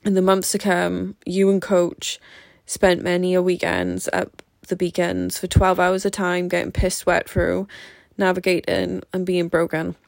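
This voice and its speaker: A woman's voice: on the low side, little pitch movement, a little slow, vocal fry, hardly any pauses, no room sound, clean studio sound. A woman, earnestly reading aloud a motivational letter to herself in a vlog, swearing now and then. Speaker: vlogger.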